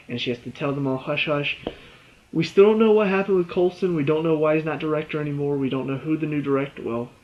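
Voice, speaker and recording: Man, excited TV episode review, rambling, fairly high voice, dull lo-fi recording. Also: a little hiss or hum. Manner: excitable, rambling, laughs often, restarts words.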